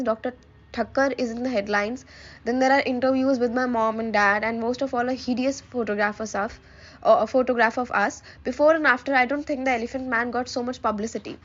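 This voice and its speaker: A wry, reflective young man, read aloud by a woman. The voice stays fairly high and dry, close to a plain reading voice. The recording is a little dull. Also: lightly acted.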